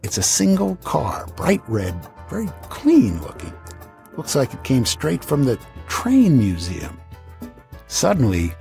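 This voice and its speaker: A man's voice: lowish voice, darkish tone. A man in his seventies telling a travel story from his past, with wry, dry asides. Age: 70s. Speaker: podcast host.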